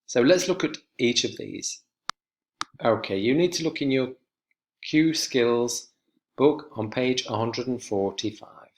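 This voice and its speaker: Man, English teacher, mid-range pitch, slow, clear, instructional, recorded lesson. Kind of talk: recorded online lesson walkthrough.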